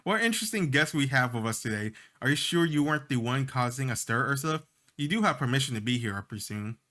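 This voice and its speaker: A man's voice: medium pitch, animated, fast talker, bright, forceful tone. A man reading a sly teasing fairy woman. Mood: curious. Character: sly, teasing female fairy, composed and mischievous.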